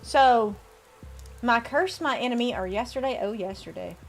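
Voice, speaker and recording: High, lively woman streaming a game. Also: normal speed. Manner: playful, chats with viewers while reading game text aloud. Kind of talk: live game stream chat. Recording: faint music behind.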